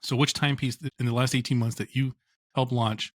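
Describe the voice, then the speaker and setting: A man interviewer posing questions in a relaxed, conversational tone. His voice sits at an ordinary pitch, and the sound is dry and close, with no room echo. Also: a little fast.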